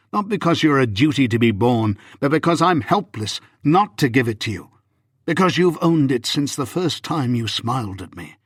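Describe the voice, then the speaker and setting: A man voicing an earnest, remorseful young Regency husband in an audiobook, with a husky, pleading delivery. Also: medium pitch, no echo, clean studio sound. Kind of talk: audiobook reading.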